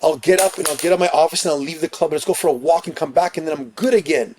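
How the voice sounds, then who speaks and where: A man's voice: on the high side, very fast. A man, a fitness coach talking as a podcast guest, laying out his points emphatically. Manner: energetic, emphatic listing of points. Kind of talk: podcast interview.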